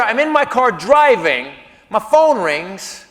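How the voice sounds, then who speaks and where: A man performing a stand-up routine, telling a story with quick, animated turns between voices. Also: sits high. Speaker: stand-up comedian. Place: comedy stage before an audience. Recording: live stage, hall reverb, faint audience.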